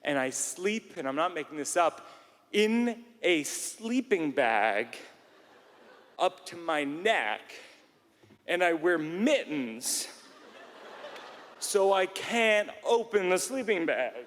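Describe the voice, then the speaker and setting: A man telling a stand-up story in a rambling, self-mocking way, now and then bursting into shouts, on a theater stage. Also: fairly high pitch, expressive, slow pace, long pauses. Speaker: stand-up comedian. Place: large theater stage before a live audience. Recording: live hall recording with faint room noise.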